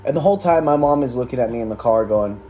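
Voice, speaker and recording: A man's voice: mid-range voice, animated, fast talker, mellow, soft background music. A young man hosting a podcast, telling a school story in a casual, sarcastic, profane way with lots of filler words. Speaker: podcast host.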